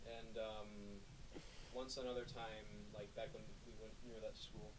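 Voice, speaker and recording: A man's voice: on the low side, flat delivery, measured pace. A young man chatting with a friend on a stream, mocking things by mimicking over-the-top voices. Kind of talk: casual chat. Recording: distant mic with faint noise.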